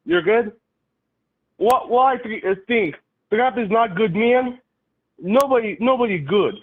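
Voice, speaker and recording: Brief: man, 30s, caller, slow broken English, phone-line sound. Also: high voice, lively intonation. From Russia. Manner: halting, broken English, literal-minded. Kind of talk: call-in conversation.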